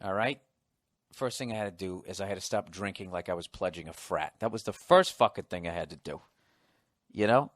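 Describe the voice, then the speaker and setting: A man, hosting a solo comedy podcast, rambling and swearing, mocking himself and now and then rising to loud excited outbursts. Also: sits low, a little fast, no room sound. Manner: profane, rambling, self-mocking. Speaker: podcast host.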